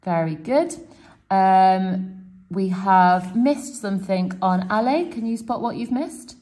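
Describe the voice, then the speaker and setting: Slowly and in a mellow, medium-pitched voice, a woman French teacher demonstrates a self-quiz approach for her classroom. She explains each step and encourages the students warmly.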